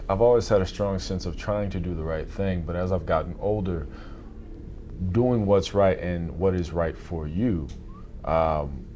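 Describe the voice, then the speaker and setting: A man, an actor, answering interview questions in a thoughtful, measured way. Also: deep voice, dark tone, a little hiss or hum.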